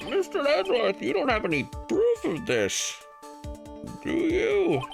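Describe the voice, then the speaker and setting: Brief: man voicing a high, swooping, slow old judge, fussy and easily surprised. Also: wildly swooping pitch, vocal fry, exaggerated voice. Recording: game music behind the voice.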